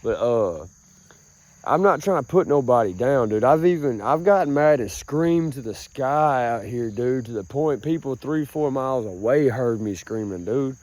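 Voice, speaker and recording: A young male vlogger rambles and swears in an outdoor monologue from a rural grassy field, calling the listener bro. His medium-pitched, darkish voice is expressive at normal speed, with no room sound.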